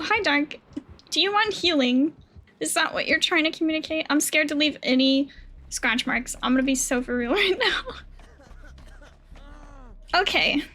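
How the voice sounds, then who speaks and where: A woman streaming a game live, chatting with teammates in an excitable way, swearing and squealing. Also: high voice. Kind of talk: live gameplay chat with teammates.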